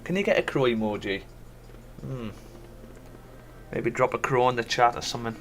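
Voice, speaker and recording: A man with a mid-range voice sounds animated while keeping a moderate pace. He's a forex trader doing casual live stream commentary, chatting with his audience and voicing his thoughts as they come.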